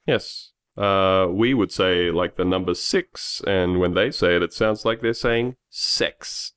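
A man's voice: sits low, normal speed, fairly bright tone. An Australian man with an Australian accent, chatting casually as a guest with dry, wry humor. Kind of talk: casual chat.

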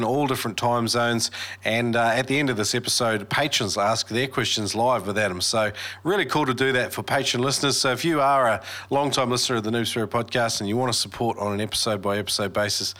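A man's voice: medium pitch, pushed and bright. A man hosting a podcast, chatty and upbeat with casual fillers. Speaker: podcast host. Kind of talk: casual podcast intro and ad reads.

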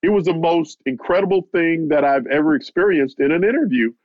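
Male reporter, animated storyteller, dull dry recording. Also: on the high side, brisk, no room sound. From United States. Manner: animated, keeps repeating "he said" while retelling. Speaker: boxing reporter, interview guest. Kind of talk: storytelling anecdote. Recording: muffled lo-fi, dry audio.

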